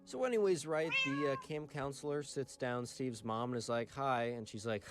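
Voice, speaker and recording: A man's voice: mid-range voice, moderate pace, few pauses, noisy background. A man casually narrating a story, talking in a chatty way full of "like" and "right".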